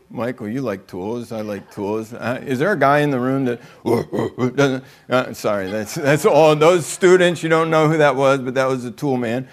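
A man preaching a conversational sermon, joking with the room and acting out quotes in other voices. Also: medium pitch. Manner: joking, chatty, acts out quotes.

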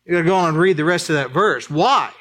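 A man preaching a sermon as pastor, emphatic, asking the congregation questions and swinging between urgent peaks and quiet asides. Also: animated, quick pace. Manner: emphatic, rising to high urgent peaks then dropping low and quiet; addresses the congregation with rhetorical questions.

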